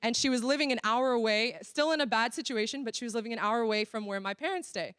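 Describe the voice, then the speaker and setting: A woman's voice: fairly high pitch, fast, fairly bright tone, clean tone, no echo. A young American woman from Florida giving a casual sermon-style church workshop talk, telling stories animatedly and acting out dialogue. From Florida, USA.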